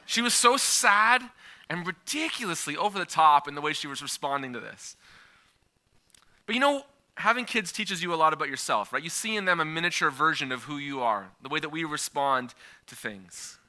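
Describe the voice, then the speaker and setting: A man in his thirties delivers a sermon in a lively, conversational manner, weaving in personal stories. His voice sits a bit high and has a very bright, sharp edge. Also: moderate pace. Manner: conversational, animated, with frequent filler and restarts. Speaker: preacher.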